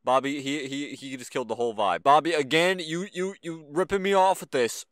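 A young man giving casual gameplay commentary as a gaming YouTuber, excitable and slangy, with sudden loud outbursts. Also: on the high side, fairly quick, clear, resonant tone, no echo, studio quality.

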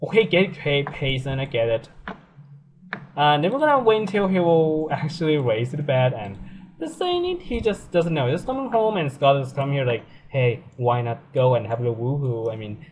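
A young man giving casual, excitable commentary on a life-sim game, laughing often and swearing freely. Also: mid-range voice, normal speed, slight background noise. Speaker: let's play gamer.

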